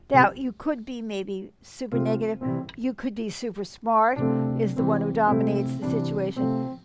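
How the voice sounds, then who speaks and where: A woman's voice: mid-range voice, moderate pace, loud music behind the voice. An older woman, a counselor, hosting a casual live-stream talk and acting out quoted voices with feeling. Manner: animated, acts out quoted voices. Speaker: counselor and show host.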